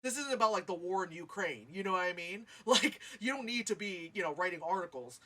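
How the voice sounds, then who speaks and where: Lively, bright-voiced woman ranting about a film. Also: fairly low pitch, brisk. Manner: animated, sarcastic, swears often. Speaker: movie reviewer. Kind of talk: casual movie review rant.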